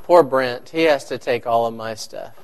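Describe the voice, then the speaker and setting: A man preaching a sermon to his congregation, animated and joking with the listeners. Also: mid-range voice, normal speed, slight background noise. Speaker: pastor.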